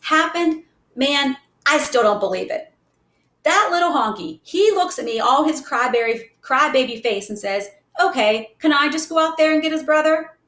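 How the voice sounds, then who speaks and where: A woman's voice: high-pitched, animated, normal speed, a bit bright, pitched above the performer's own voice. A woman voicing a tough, streetwise boy who talks in boastful slang. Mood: brash. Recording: roomy echo.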